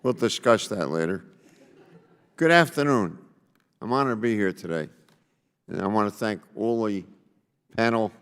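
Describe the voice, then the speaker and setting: A congressman from New Jersey giving a prepared statement at a hearing in a measured, deliberate way. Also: lowish voice, lively intonation, fairly bright tone, clear, resonant tone. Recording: long reverb of a hearing room.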